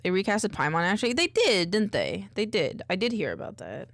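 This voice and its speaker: Woman streamer, vocal fry, relaxed rambling chat, reads chat messages aloud while multitasking. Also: mid-range voice, fairly quick, no echo. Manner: rambling and distracted, reading chat aloud between tasks. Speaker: VTuber streamer. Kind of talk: casual low-key stream chat.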